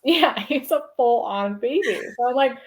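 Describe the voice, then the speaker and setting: A woman guest on a podcast, telling a story in a lively, casual way, laughing often and saying "like" a lot. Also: sits high, moderate pace. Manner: animated, laughs often, heavy use of "like".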